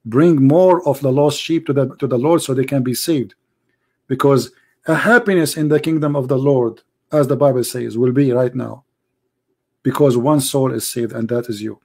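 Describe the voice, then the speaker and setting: Hosting a live call-in show, a man with an Arabic accent preaches fervently, building to emphatic declarations despite being hoarse from losing his voice. He speaks at medium pitch and moderate pace with a darkish tone.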